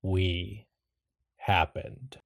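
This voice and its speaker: A man voicing an ominous, deep, rumbling cosmic entity in a tabletop game, speaking slowly in short pronouncements. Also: fairly even intonation, creaky, no room sound, clean studio sound, exaggerated voice.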